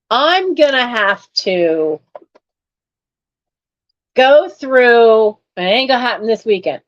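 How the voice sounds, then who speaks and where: A woman's voice: on the high side, highs cut off. A woman selling collectibles online, chatting casually as she unboxes her finds and exclaims over them. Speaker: online reseller hosting a live sale. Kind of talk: casual chat while unboxing.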